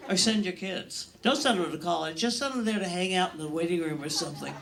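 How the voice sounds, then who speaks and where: A woman's voice: on the low side, fast talker, gravelly, crowd noise. An older woman performing a stand-up comedy routine on a comedy club stage, telling bawdy, self-mocking stories in a brash way.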